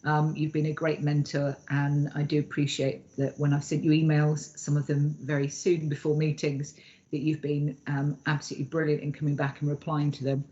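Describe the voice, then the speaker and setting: A man speaking as a councillor in an online meeting, quick and appreciative. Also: a little high, completely flat delivery, mellow. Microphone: video call. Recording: dull lo-fi video call audio.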